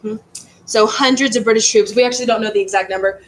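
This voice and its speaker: A woman's voice: on the high side, fairly even intonation, fast talker, a little hiss or hum, low-quality recording. A woman teaching a history class in a casual, rambling way, stumbling over words and restarting.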